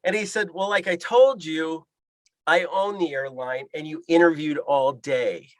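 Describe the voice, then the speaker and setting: A man's voice: fairly high pitch, takes it slowly, no echo. A man telling a story as a podcast guest, acting out the voices in the dialogue he quotes. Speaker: guest, pilot and fishing guide. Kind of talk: animated storytelling.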